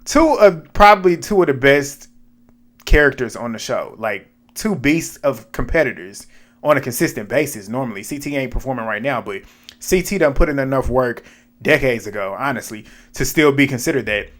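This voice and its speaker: A man's voice: mid-range voice, expressive, normal speed, a bit bright. A man giving a casual, slangy recap of a reality show, retelling scenes in an amused way.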